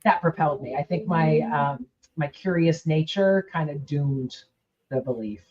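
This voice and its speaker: A woman's voice: deep voice, a little slow. A woman hosting a casual conversation, speaking reflectively and acting out remembered dialogue. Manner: reflective, acts out quoted dialogue. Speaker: podcast host. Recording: dull lo-fi audio.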